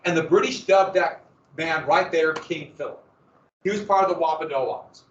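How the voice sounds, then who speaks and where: This history teacher lectures casually at normal speed, his voice on the high side, mixing in humorous remarks and dramatic emphasis. The mic sits far away, leaving the classroom audio echoey and muffled.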